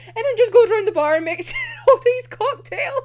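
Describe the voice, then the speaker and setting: A woman's voice: very high voice, animated, moderate pace. A woman casually recapping a manga volume, gushing and laughing often, swearing freely and acting out the characters' lines as she tells the story. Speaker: manga reviewer.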